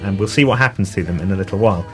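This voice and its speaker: A man's voice: low-pitched, racing, soft background music. Hesitant man presenting a radio chat. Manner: hesitant, many ums and restarts. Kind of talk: casual radio chat, summarising a story.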